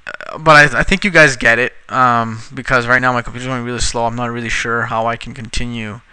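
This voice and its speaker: A man walks through a trading tutorial in a loose, chatty way, and his voice is very bright and crisp. The sound is close and dry, with no room around it. He gets short-tempered and curses now and then at his sluggish computer. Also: medium pitch, little pitch movement, no echo. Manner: casual, frustrated, swears at slow computer. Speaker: trading instructor. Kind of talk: screen-recorded tutorial.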